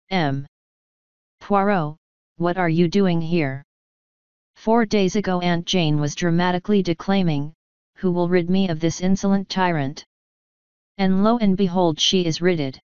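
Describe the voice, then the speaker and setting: Measured woman reading a mystery novel. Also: on the low side, smooth, no room sound, muffled recording. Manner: measured, steady reading, voicing each character in turn. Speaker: audiobook narrator. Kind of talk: scripted narration.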